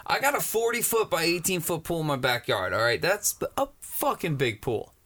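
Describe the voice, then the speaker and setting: Excitable man, bright lively voice. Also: a little high, normal speed. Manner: loud, excitable, crude jokes. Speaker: podcast co-host. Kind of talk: casual podcast chat.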